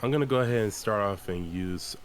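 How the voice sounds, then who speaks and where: Man, tabletop player, lowish voice, slow and deliberating, faint hiss. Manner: slow, deliberating over his turn. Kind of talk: casual tabletop game chat.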